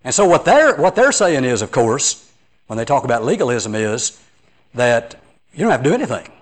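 Man, preacher, emphatic Bible lesson, animated pitch. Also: moderate pace. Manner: earnest, emphatic, storytelling. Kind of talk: Bible class lesson and discussion.

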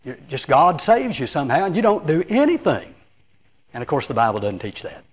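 A man's voice: a little high, huge pitch swings, a little fast, husky. A man, a preacher giving an earnest, emphatic Bible lesson and telling stories to a class.

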